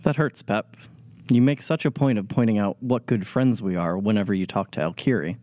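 A man's voice: lowish voice, fairly quick, warm tone, dry recording, clean studio sound. A man playing a tabletop role-playing game, wry and playful in character. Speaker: player.

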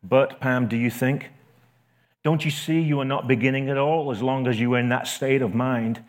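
A man reading a gentle, patient spirit. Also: mid-range voice, steady tone, moderate pace, close to an everyday voice.

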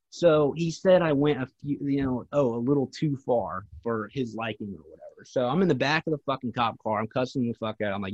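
A man's voice: mid-range voice, fast, hardly any pauses, no echo, dull audio. A man co-hosting a podcast, telling a rambling, profanity-heavy story in casual chat. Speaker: podcast co-host.

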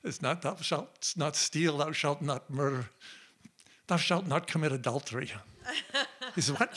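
A man telling a comic personal story on stage before a live audience, in a playful, animated way. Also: fairly high pitch, unhurried, long pauses, breathy edge.

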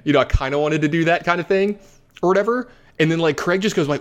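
A man casually telling a long story as a podcast host, animated and rambling, with lots of fillers. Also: fairly high pitch, quick pace. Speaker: competitive card game player.

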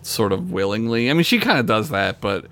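Bright, animated man chatting. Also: lowish voice, fairly quick. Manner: expressive, laughs often, swears freely. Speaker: podcast co-host. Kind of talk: casual chat about a TV episode.

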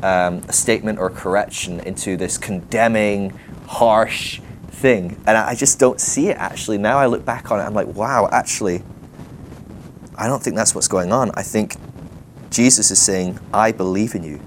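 A man giving a sermon in a loose, conversational way, animated and thinking aloud with fillers and quick laughs. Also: fairly low pitch, a little hiss or hum. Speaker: preacher. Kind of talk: sermon teaching.

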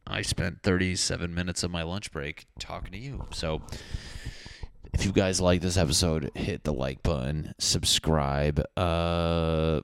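A man's voice: low-pitched, steady tone, measured pace, vocal fry, smooth, dry recording. A man talking casually to camera as a comedian, in a profane, teasing, mock-insulting rant. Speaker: comedian vlogger.

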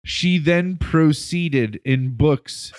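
A man's voice: on the high side, very slow. A man telling a story on a casual podcast, rambling with many fillers and restarts; an educator. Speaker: podcast co-host.

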